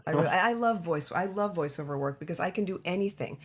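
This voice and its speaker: A woman's voice: fairly low pitch, fast talker, breathy edge. A woman actress as a podcast guest, telling her career story in a chatty way with many restarts and asides. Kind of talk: casual interview storytelling.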